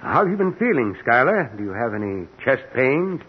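A man's voice: mid-range voice, big pitch swings, normal speed, lightly acted. A man playing a concerned, patient doctor in a 1940s radio drama, firm and coaxing. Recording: dull old radio broadcast recording with faint hiss.

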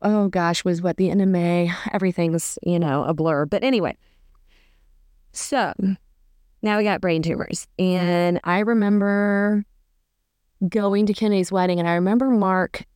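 A woman's voice: lowish voice, steady tone, unhurried, darkish tone, clear, resonant tone, no room sound, clean studio sound. A woman hosting a podcast, telling a personal story in a rambling, self-correcting way with fond emotion. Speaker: podcast host.

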